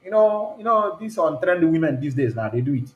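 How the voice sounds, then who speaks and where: A man's voice: fairly high pitch, very animated, a little fast, narrow, tinny audio. Man hosting a live stream. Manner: chatty, mixes English with Igbo and pidgin. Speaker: online show host. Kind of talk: casual live-stream talk. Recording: roomy echo.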